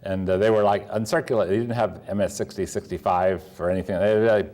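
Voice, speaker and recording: A man's voice: sits low, steady tone, fast talker, darkish tone. An older man from Pennsylvania, a coin dealer telling rambling stories with many fillers and restarts. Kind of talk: storytelling talk.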